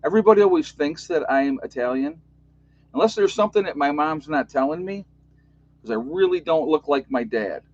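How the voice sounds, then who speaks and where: A man's voice: a little high, expressive, fairly quick, darkish tone, no echo, dull audio. An overtired man in his fifties with a New York accent, rambling in a chatty, joking way as he hosts a casual livestream for his channel. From United States. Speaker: YouTube channel host.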